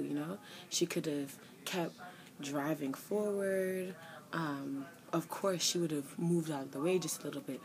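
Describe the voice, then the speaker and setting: A woman's voice: low-pitched, darkish tone, rough recording. Exasperated young New woman ranting. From New York. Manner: exasperated storytelling, acts out both sides of an argument in raised voices. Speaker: vlogger. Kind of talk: casual rant to camera.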